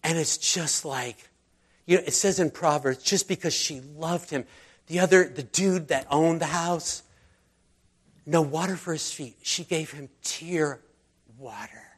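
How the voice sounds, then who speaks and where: A man's voice: fairly high pitch, measured pace, husky. A man preaching a sermon in a conversational, rambling way with asides. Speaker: pastor.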